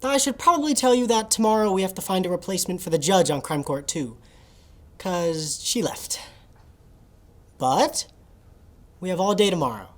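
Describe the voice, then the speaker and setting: A woman's voice: fairly low pitch, lively intonation, moderate pace, long pauses, lightly acted. A woman playing a nonchalant, scheming young male assistant who talks offhandedly over a video call in a comedy sketch. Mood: offhand.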